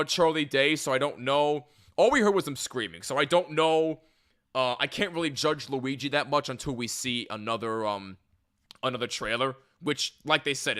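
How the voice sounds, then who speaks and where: A man hosting a podcast, giving an excited live reaction, laughing often and restarting his sentences. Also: on the high side. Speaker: podcast host reacting to a trailer.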